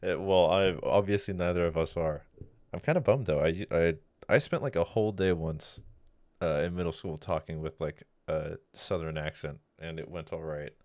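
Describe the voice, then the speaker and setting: A man's voice: low voice, normal speed, darkish tone, no echo. A man co-hosting a casual podcast, laughing and self-deprecating. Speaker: podcast co-host.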